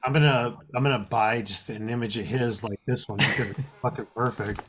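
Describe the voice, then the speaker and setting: A man's voice: medium pitch, steady tone, fairly quick, a crowd in the background. A man co-hosting a casual podcast, swearing and joking enthusiastically. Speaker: podcast co-host. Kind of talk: casual chat.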